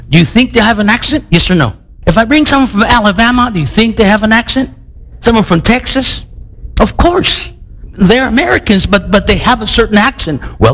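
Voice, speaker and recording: Male preacher, husky and lively, talking the sermon through. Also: sits high, rough recording. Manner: animated, questions the congregation; conversational, with frequent restarts.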